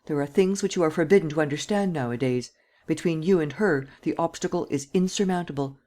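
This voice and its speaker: A woman reads this as an elderly guardian in an audiobook, her voice pitched high and trembling. She pleads and protests, at times dropping to a breathy whisper, fiercely protective. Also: fairly quick, dark tone, lightly acted. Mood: earnest. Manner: pleading, tremulous, sometimes whispered. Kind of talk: audiobook character reading.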